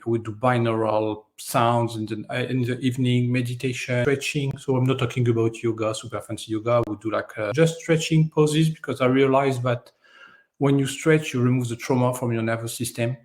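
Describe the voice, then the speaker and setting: A man whose first language is French, a guest in an interview, telling stories in a lively way and acting out the voices of people in them. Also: mid-range voice. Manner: animated storyteller, acts out voices in his stories. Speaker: guest, energy healer. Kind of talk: storytelling in an interview.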